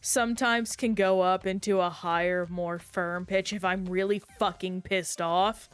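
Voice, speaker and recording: A woman streamer in casual, chatty conversation while playing a game, reacting aloud in an animated way. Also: on the low side, measured pace, clear, resonant tone, faint music behind. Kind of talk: casual gameplay chat.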